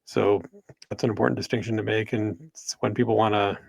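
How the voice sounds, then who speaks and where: Male co-host on a video call, gravelly, slightly low, dry close sound, measured. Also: level tone, no room sound. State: spotty connection. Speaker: podcast co-host. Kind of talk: casual religious discussion.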